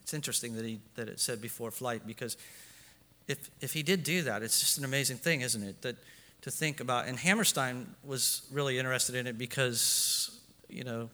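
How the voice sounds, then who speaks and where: A man's voice: medium pitch, a little fast, pushed and bright. A man preaching a sermon as pastor, building emphasis and acting out quotes in his own voice. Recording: long echo of a large hall.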